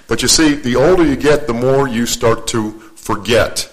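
A man's voice: mid-range voice, moderate pace, rough recording. An older man giving a folksy, storytelling sermon as a guest preacher. He jokes at his own expense and often repeats and restarts his phrases. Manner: joking, self-deprecating, repeats and restarts phrases.

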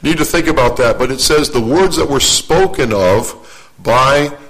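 An older man serves as guest preacher, delivering a folksy sermon built on stories and jokes at his own expense, often repeating and restarting phrases. His voice is medium in pitch, unhurried, and fairly bright, though the audio is poor.

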